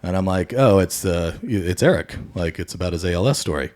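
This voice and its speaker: A man's voice: low voice, animated, brisk, a little mellow. A man hosting a podcast, telling a rambling, casual story in a laid-back conversational way. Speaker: podcast host.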